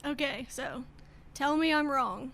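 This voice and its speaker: A woman with a high, gravelly voice gives her take on a sports radio show. She speaks softly and a little tentatively, with a casual air. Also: a little slow, slight background noise.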